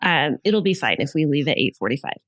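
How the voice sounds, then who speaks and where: A woman's voice: deep voice, sing-song, fast talker. A woman co-hosting a marriage therapy show in playful casual chat, teasing her co-host and laughing easily.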